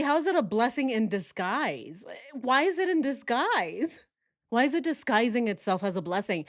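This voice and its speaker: A woman hosting true crime commentary, talking sarcastically and speaking straight to her viewers. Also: mid-range voice. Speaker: host.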